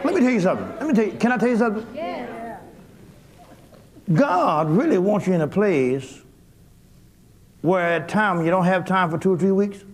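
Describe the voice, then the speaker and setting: Male pastor, high lively voice, folksy and exuberant, live sermon with congregation audible. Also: moderate pace, long pauses. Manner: exuberant preaching, bursts into shouts and laughter; folksy, talks directly to congregation members. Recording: live church with crowd audible.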